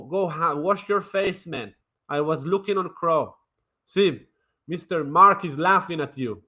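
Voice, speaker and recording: A man's voice: high-pitched, bright, forceful tone. A man streaming crypto trading commentary in a brash, mocking way, swearing and repeating himself. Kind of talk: casual livestream commentary.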